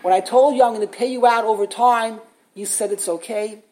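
A woman's voice: fairly high pitch, steady tone, brisk, darkish tone, lightly acted. A woman voicing a humble male yeshiva teacher who speaks sincerely and apologetically, told within a spoken lesson. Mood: wondering. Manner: apologetic and earnest.

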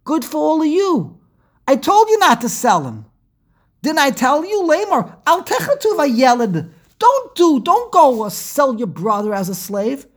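A woman's voice: medium pitch, animated, a little slow, creaky, a little mellow. A woman voicing a scolding older brother who mocks his siblings with a taunting told-you-so tone. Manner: mocking, taunting, raised voice.

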